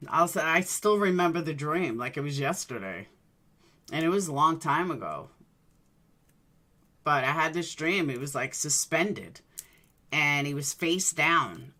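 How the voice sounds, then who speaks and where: A woman's voice: low-pitched, expressive, a little slow, long pauses, pushed and bright. A woman hosting a livestream, chatting casually with her viewers and telling rambling personal stories. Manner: rambling storyteller, addresses viewers by name. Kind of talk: casual chat.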